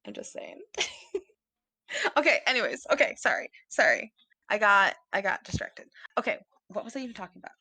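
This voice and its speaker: Woman podcast co-host, bright and dry-sounding, rambly and giggly. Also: medium pitch, very animated, moderate pace, no room sound. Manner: rambling, giggly, many fillers. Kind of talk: casual chat about books.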